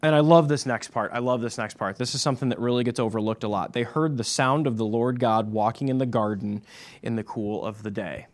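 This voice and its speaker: A man's voice: medium pitch, brisk. A man preaching a sermon as pastor, emphatic and repeating his key points.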